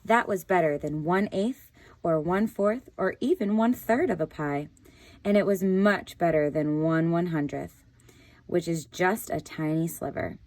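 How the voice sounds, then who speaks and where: A woman teacher reading a picture book aloud in a calm, deliberate narrating voice. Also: lowish voice, no room sound.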